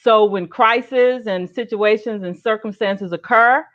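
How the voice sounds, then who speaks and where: A woman author speaking in a measured, reflective way in a casual group chat over a video call. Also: a little high, lo-fi sound. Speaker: author and guest.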